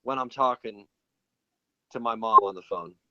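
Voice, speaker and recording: A man from England who grew up in a British household in Florida co-hosts a show, chatting casually and teasingly in a mostly American accent, sometimes putting on a British voice. His voice is lowish at a normal speed, and the recording has its highs cut off, with crowd noise.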